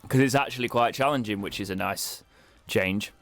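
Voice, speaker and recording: A man's voice: lowish voice, normal speed, fairly bright tone, no room sound, soft background music. Dry-humoured young British man. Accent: British English. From Britain. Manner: chatty, wry, self-mocking asides. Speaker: let's play streamer. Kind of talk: casual gameplay commentary.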